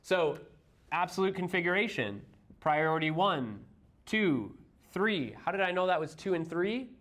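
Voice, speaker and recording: A man's voice: high-pitched, expressive, unhurried, fairly bright tone. A man with a Midwestern American accent leads a classroom review session. He walks through each idea patiently, leaning on homely comparisons. He keeps turning questions back to the students. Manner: explains step by step with everyday analogies, quizzes students. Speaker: chemistry teacher.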